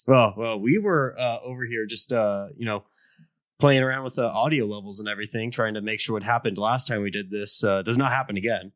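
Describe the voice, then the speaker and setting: A man's voice: fairly low pitch, brisk, a bit bright, no room sound. A man co-hosting from a studio, laid-back and laughing as he banters with the host.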